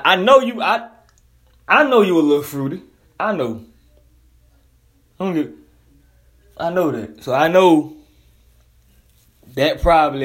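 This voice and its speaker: A man's voice: fairly high pitch, a bit bright. A man delivering a blunt, profane, heated casual monologue as a commentator.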